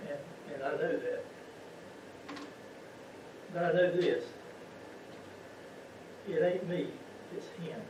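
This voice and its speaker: Speaking slowly in a fairly high voice and pausing often, the man gives a folksy lay sermon in a church sanctuary, frequently questioning the congregation rhetorically. Background noise sits under a far-off, echoey, muffled recording.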